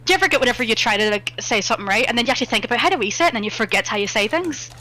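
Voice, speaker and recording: A woman's voice: a little high, expressive, racing, a loud crowd, low-quality recording. A woman with a West Belfast accent teasing friends in a casual chat while they game. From West Belfast, Northern Ireland. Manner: teasing, playful.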